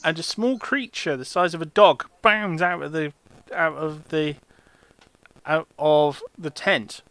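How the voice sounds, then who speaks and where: A man running a tabletop game as dungeon master, narrating haltingly and restarting his phrases. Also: a little high, fairly bright tone, no echo.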